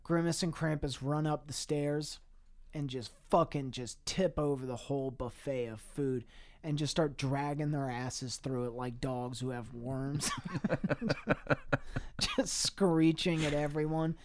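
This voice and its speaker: A man's voice: on the high side, fairly even intonation, unhurried. A young man co-hosting a podcast, improvising an absurd, profane comic story with rambling restarts and laughing asides. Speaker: podcast co-host.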